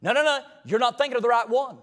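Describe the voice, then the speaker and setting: A male preacher, delivering a sermon in a church in a chanted, sing-song style that rises into shouts. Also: extremely high pitch, fast talker. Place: church sanctuary.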